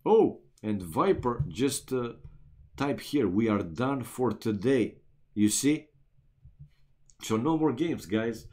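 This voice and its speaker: A man's voice: mid-range voice, mellow. A man from Romania casting a strategy game match live, chatting casually with his viewers and calling them "man" and "guys". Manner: chatty, talks straight to chat viewers, many "uh" and "man". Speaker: esports caster.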